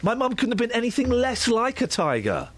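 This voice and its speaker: A man hosting a radio show, joking with his co-hosts and slipping into mimicry. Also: brisk. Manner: jokey, mimics voices, lively swings in pitch. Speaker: radio host. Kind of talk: playful studio banter. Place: radio studio.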